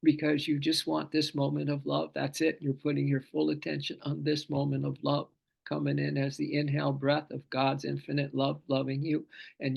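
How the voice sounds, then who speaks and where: A man's voice: fairly high pitch, vocal fry, breathy edge, muffled recording. A man teaching a scripture class, fervent in manner, often repeating phrases and stretching out chanted vowels. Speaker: spiritual teacher.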